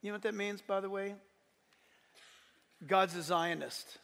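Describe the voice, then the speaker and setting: A pastor preaching a sermon, emphatic and joking, often building to shouts. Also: male voice, high voice, unhurried, gravelly, in a large hall.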